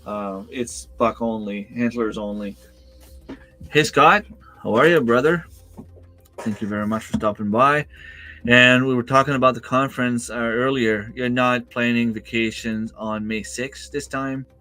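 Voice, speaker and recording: A man speaks at a medium pitch and measured pace, his tone bright and forceful, with faint music behind. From home on a desk microphone, he hosts a laid-back livestream, rambling through viewer comments with many fillers and restarts.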